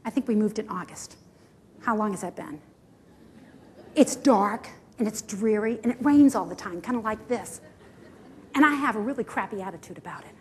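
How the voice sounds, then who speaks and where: A middle-aged woman giving a conference presentation as a health speaker, telling stories with animated, self-mocking humor. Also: medium pitch, moderate pace, pauses often, a little hiss or hum. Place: conference hall.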